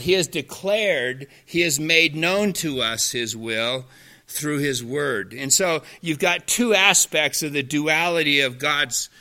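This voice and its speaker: A man's voice: on the high side, sharp tone. A man teaching a Bible study class in a folksy way, drifting into anecdotes.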